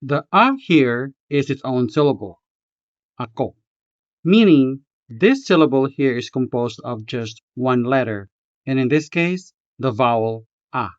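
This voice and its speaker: A man teaching a language lesson, reading a script slowly and carefully, spelling out each syllable. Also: medium pitch, lively intonation, no room sound, lo-fi sound. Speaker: language tutor.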